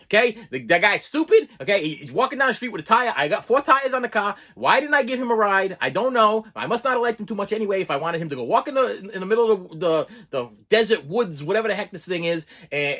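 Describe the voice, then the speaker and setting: A man's voice: sits high, fast, hardly any pauses. A man reviewing a movie in a casual, exasperated rant, full of repeats and restarts. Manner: animated, exasperated, repeats himself.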